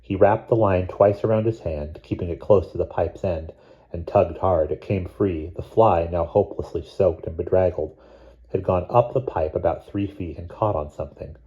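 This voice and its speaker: A man reading a novel chapter aloud in a measured, steady narration. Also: sits low, highs cut off. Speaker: audiobook reader. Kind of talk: scripted narration.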